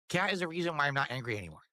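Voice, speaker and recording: A man's voice: a little high, sharp tone, dry recording, clean studio sound. A man livestreaming, talking in a rambling, pleading, sentimental way. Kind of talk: casual livestream talk.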